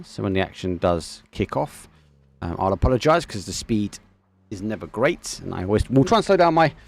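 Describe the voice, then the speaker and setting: A gravelly-voiced man with an Essex accent commentates a live esports match. He speaks casually and warmly to his viewers, with a chatty, friendly manner. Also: mid-range voice. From England. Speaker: esports caster. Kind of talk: live game commentary with chat.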